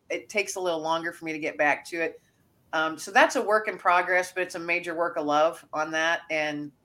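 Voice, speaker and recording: A woman's voice: on the low side, sharp tone. A woman author chatting earnestly as a podcast guest. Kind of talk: casual podcast interview.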